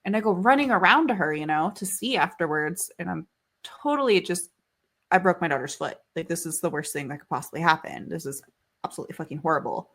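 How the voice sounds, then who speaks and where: A woman in her thirties co-hosts a podcast, telling a story in casual chat while rambling with plenty of fillers and swearing freely. Her voice is on the low side and a bit bright, fast, with lively intonation.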